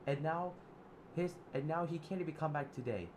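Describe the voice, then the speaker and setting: Man doing a high shrieking furious mom, shouting, faint hum behind. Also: lively intonation, moderate pace. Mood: outraged. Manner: yelling, outraged. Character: angry mother, shrill and accusing.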